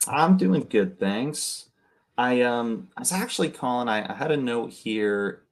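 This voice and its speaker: A man casually coaching people on cold calling between phone calls, often tagging his points with a quick "right?". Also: medium pitch, big pitch swings. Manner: conversational, keeps adding "right?". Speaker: real estate wholesaling coach.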